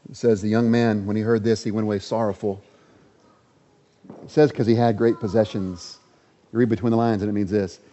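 A man's voice: fairly low pitch, flat delivery, a little fast, pauses often, dark tone. A man preaching a sermon, reading scripture aloud and repeating lines with rising emphasis, in a large hall. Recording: muffled sound with long hall reverb.

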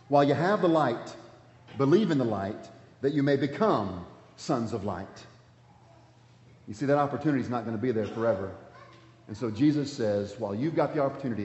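Male preacher, emphatic sermon delivery, captured muffled with long hall reverb. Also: mid-range voice. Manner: emphatic preaching, swinging from loud to hushed. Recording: dull, echoey hall sound.

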